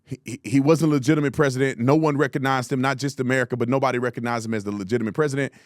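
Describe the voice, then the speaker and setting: A man's voice: medium pitch, fairly even intonation, rapid-fire, dry recording, clean studio sound. A man hosting a political commentary show, mocking and exasperated, repeating words for emphasis.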